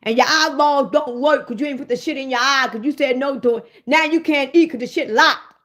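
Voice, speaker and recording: Woman, high voice, comedic rant, profane, animated, talks to listeners directly. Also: fairly quick. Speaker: host.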